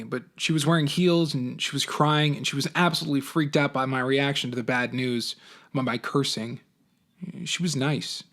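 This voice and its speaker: A man, a teacher, reading a novel aloud for his class, with an expressive, animated first-person delivery. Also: mid-range voice.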